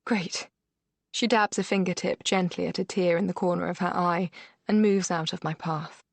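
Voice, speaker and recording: Woman reading a thriller audiobook, lowish voice, steady pace, dry close sound. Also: moderate pace, creaky, dry recording. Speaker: audiobook narrator. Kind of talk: scripted first-person narration.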